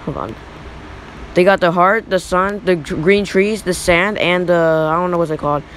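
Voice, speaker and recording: A young male YouTuber in his teens giving rambling, excitable reaction commentary over old photos. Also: sits high, moderate pace, slight background noise, rough recording. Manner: rambling, excitable, repeats "look".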